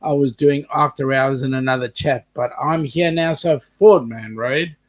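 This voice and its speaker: A man's voice: medium pitch, steady tone, a little slow. A man co-hosting a casual live stream, reading out viewer comments with a joking, bantering manner. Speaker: livestream co-host.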